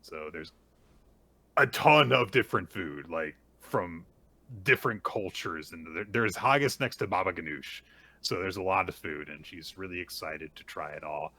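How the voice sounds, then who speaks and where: A man casually recapping a manga chapter as a podcast co-host, retelling the story in a lively way. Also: deep voice, normal speed, dry recording. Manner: animated retelling with small acted quotes.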